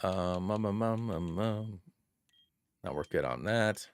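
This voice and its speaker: A man streaming a game live, rambling through his moves and excitedly thanking viewers by name. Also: low voice, slow pace, smooth. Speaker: streamer playing a fusion monster game. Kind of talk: casual live-stream chat and game commentary.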